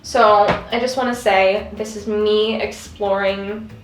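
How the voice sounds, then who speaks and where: A woman's voice: mid-range voice, steady tone, slow, noisy background. A young woman vlogging in a casual, confessional chat, earnest and rambling with many fillers. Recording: roomy with faint music behind.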